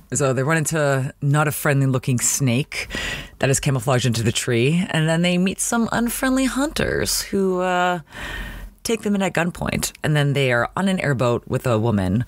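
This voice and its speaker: A woman's voice: low voice, lively intonation, moderate pace, no echo, clean studio sound. A young woman co-hosting a podcast, giving a chatty, rambling recap with self-mocking asides. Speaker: podcast co-host. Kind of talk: casual episode recap.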